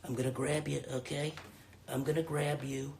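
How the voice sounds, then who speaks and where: A man putting on an impression of a blustering older male politician, muttering low and repetitive. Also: level tone, moderate pace, creaky, a little mellow, slight background noise.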